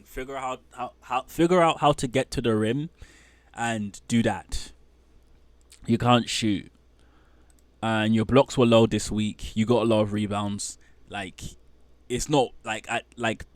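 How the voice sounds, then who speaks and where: A man's voice: medium pitch, no room sound. Rambling man talking fantasy hoops. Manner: animated, rambling, trails off into muttering. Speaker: fantasy basketball league host. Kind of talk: casual solo commentary.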